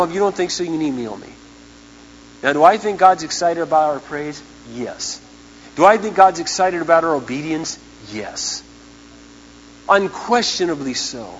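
A man preaching a sermon as pastor, impassioned, swinging from hushed lines to shouting ones, in a large church auditorium over the sound system. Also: a little high, expressive, moderate pace. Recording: dull 1990s church tape with hall echo and hum.

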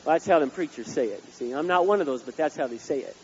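A male pastor preaching a sermon, swinging between loud outbursts and hushed asides. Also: on the high side, animated, fast, slightly rough, lo-fi sound.

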